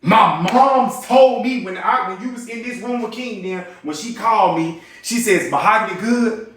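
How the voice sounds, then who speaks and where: A young man with a fairly high voice argues hard, fast and repetitive, swearing as he acts out what others said. He sits back from the mic in a very echoey room, so the voice rings and sounds distant. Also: fairly bright tone. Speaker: livestream host. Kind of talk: heated casual argument.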